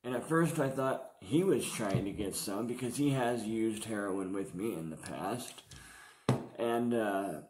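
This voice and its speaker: A man's voice: fairly low pitch, measured pace, darkish tone, slight background noise. A man vlogging about his past addiction in casual, slangy, profane storytelling. He comes across as confessional. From San Diego area. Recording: roomy echo.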